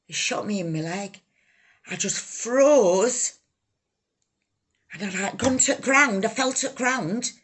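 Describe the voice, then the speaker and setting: A woman telling her own life story, halting, raw and emotional, swearing freely. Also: medium pitch, husky. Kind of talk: personal life story told to camera.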